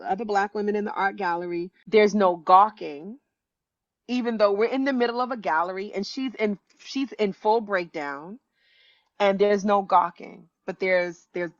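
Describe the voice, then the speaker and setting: A woman in her fifties, an author and educator, telling a story as a guest with lively restarts. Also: moderate pace, dry recording, lo-fi sound. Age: 50s. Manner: animated, acts out quoted voices with pitch jumps, many restarts. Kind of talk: conversational storytelling.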